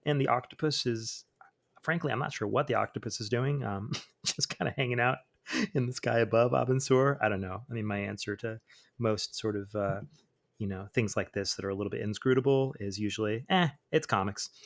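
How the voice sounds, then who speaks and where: In casual comic book commentary, a man hosting a podcast speaks fairly quickly in a gravelly, mid-range voice. He leans on fillers in his relaxed asides and gives quoted lines a dramatic reading.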